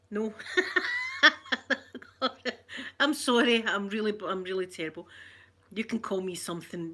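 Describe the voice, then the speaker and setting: An older Scottish woman chatting softly and affectionately in an ASMR vlog, rambling along and greeting viewers by name. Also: medium pitch. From Scotland. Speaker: ASMR vlogger.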